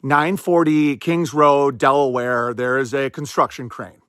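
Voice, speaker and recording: A man's voice: mid-range voice, fairly even intonation, a bit bright, clear, resonant tone, no echo, studio quality. A man hosting a podcast, giving rambling, sarcastic commentary in a casual chat style. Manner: rambling, sarcastic, quick asides. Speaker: podcast host.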